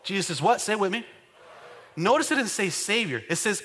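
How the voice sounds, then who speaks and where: A man's voice: high voice, very animated, brisk, pushed and bright, breathy edge. A man pastor preaching a sermon with emphatic call-and-response to his church.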